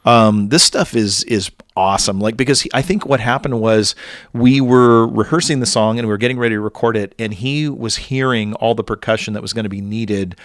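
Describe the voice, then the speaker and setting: A man's voice: lowish voice, brisk, no echo, clean studio sound. A man hosting a podcast in a playful, upbeat manner, chatting casually into a podcast microphone. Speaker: podcast host and guitarist.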